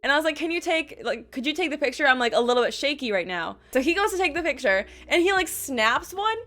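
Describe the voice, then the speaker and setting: A young woman telling a casual storytime vlog, bubbly and quick, full of "like" and acted-out quotes. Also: sits high, animated, a bit bright. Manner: bubbly, quick, lots of "like" fillers and quoted voices. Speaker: vlogger.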